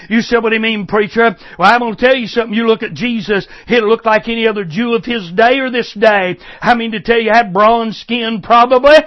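A male preacher with a strikingly high voice delivers a fervent sermon. He drives his points home with repeated phrases and works steady fillers into his speech. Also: brisk, few pauses, muffled recording.

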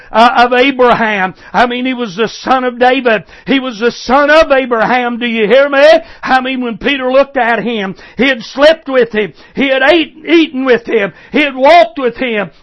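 A male preacher with a strikingly high voice delivers a fervent sermon. He drives his points home with repeated phrases and works steady fillers into his speech. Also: highs cut off.

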